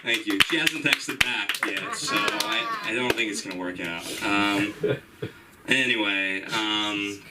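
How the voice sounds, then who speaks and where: A young man from Iran doing a rambling stand-up set at an open mic, jumping into high, excited voices when he quotes people. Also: takes it slowly, very noisy. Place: comedy club stage. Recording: distant mic in a club room with audience. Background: audience laughing.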